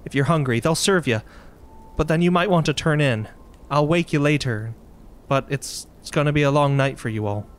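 A man narrating a tabletop game as game master, in a relaxed, descriptive way. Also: a little high, moderate pace.

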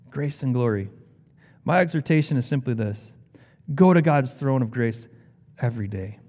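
A man preaching a sermon as pastor, reading scripture with rising, impassioned emphasis. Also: a little mellow. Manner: impassioned, rising in pitch when quoting scripture. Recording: long hall reverb.

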